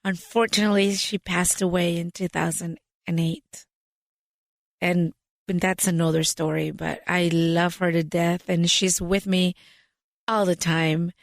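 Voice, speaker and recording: A woman, telling a story lively as a podcast guest and mixing in phrases. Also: on the low side, unhurried, gravelly, no echo, studio quality. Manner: animated storyteller, switches into Spanish phrases. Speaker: podcast guest, business founder. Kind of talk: storytelling in an interview.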